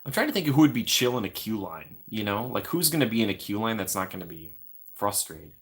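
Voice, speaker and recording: Low-voiced male streamer, laid-back and chatty, answers his chat from home. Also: big pitch swings, fast talker. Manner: rambling, laughs often, talks to chat. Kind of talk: casual livestream chat.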